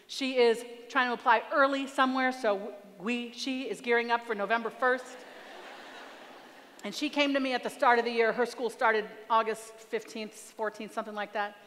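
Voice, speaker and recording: A woman in her forties giving a storytelling talk as a guest speaker, animated and acting out family dialogue. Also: on the high side. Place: large hall. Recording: reverberant hall.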